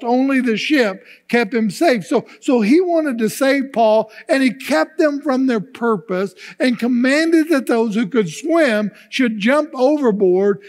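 A man preaching a sermon as pastor, reading scripture aloud and often repeating words as he goes. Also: very high-pitched. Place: church sanctuary. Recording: long reverb of a church hall.

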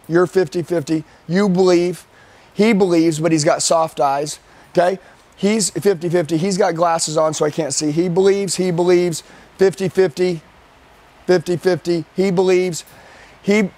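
A man with a high-pitched voice coaching a room of trainees live in an indoor training room. He is intense and emphatic, hammers his points by repeating them, and keeps calling people "dude". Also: a little mellow. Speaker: sales trainer.

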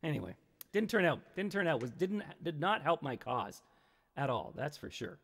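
Playful rambling male streamer, lively pitch. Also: normal speed, vocal fry. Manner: rambling, playful, reads chat aloud. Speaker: livestream host. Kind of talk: casual livestream chat with viewers. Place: home studio in Kingston, Ontario. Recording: long reverb.

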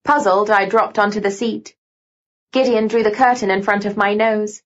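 A woman narrating a novel in first person with steady, even storytelling. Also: mid-range voice, moderate pace, highs cut off. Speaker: audiobook narrator.

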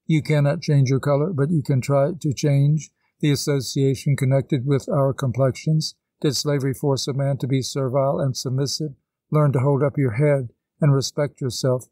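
A man voicing a kindly woman teacher who gently lectures a girl, in an audiobook reading. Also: medium pitch, no echo, lightly acted. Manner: patient, instructive.

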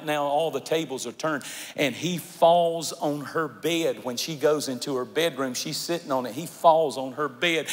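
A male pastor preaching a sermon in a large church, swinging from shouted declarations to hushed storytelling. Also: on the high side. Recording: echoey church hall, faint music.

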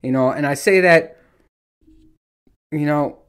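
A man's voice: a little high, slow, smooth. A man in his thirties ranting casually as a solo podcast host, telling stories with lots of swearing and acting out what people said. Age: 30s. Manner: animated, profane storytelling with mimicked dialogue.

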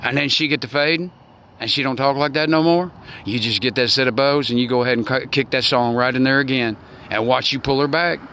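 A man in his sixties giving a rambling, preachy folksy monologue outdoors, with loud bursts. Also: medium pitch, fairly even intonation, a little fast, slight background noise. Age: 60s. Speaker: online talk show host.

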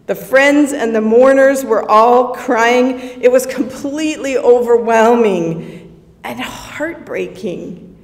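A grieving sister recounts the moment in awe, as a woman performs her in a worship service. She tells it slowly and with feeling, dropping to a hush when things grow tense. Her fairly high voice rings with the long reverb of a church hall. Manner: emotional storytelling, drops to whispers at tense moments. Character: grieving adult woman sister, awestruck witness. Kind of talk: first-person dramatic monologue in a worship service. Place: church sanctuary.

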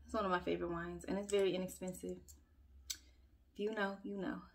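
A woman filming a relaxed get-ready-with-me at home, chatting straight to her viewers and poking fun at her own slip-ups. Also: fairly low pitch, fairly quick. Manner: chatty and self-mocking, talks straight to viewers. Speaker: beauty vlogger and mother. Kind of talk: casual get-ready-with-me chat. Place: at home, upstairs room.

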